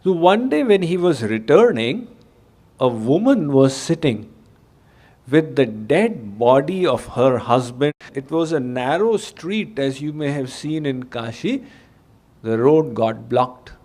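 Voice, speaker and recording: Slow, measured male spiritual teacher. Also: medium pitch, expressive, a little mellow. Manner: slow, measured storytelling with dramatic quoted voices. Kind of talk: sermon storytelling.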